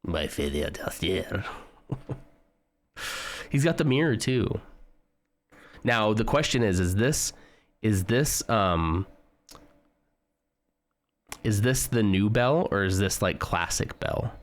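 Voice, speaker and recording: Lively low-voiced male streamer. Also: slow, pauses often. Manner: chatty, joking, talks to chat while browsing. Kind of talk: casual live-stream chat.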